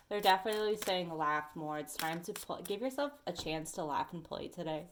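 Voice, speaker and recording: A woman's voice: on the low side, a little fast, hardly any pauses, a little hiss or hum. Chatty woman giving a tarot reading. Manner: chatty and animated, talks to the viewer; sings snatches of songs and talks to bugs. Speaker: tarot reader. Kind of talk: casual weekly energy reading. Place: at home.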